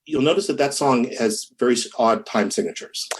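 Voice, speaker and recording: A man recounts studio mishaps in a loose, chatty interview. He talks in bursts, restarts sentences, laughs along with his own stories and hums drum patterns out loud. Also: mid-range voice, brisk, a little hiss or hum. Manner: animated, laughing, hums rhythms, many restarts. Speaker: musician guest. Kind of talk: casual storytelling interview.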